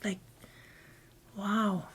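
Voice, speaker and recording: A woman guest telling a personal story in conversation, rambling and often dropping into breathy half-whispered asides. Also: medium pitch, little pitch movement, extremely slow, fairly bright tone. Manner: meandering, with many fillers and restarts. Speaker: interview guest.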